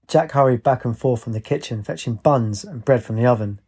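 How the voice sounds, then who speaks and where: A man narrating a story in a steady, plain audiobook reading. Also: medium pitch, brisk, few pauses, breathy edge.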